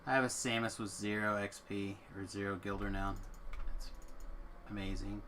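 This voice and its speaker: A man's voice: lowish voice, little pitch movement, normal speed, sharp tone, a little hiss or hum. A man streaming a game, making wry, mumbling asides to himself and chatting with a friend as he plays. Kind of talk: casual gameplay commentary.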